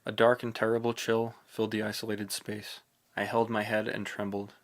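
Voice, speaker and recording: An audiobook narrator reads a first-person novel in a steady, brooding manner at a moderate pace. His low voice has a gravelly edge, and its pitch hardly shifts.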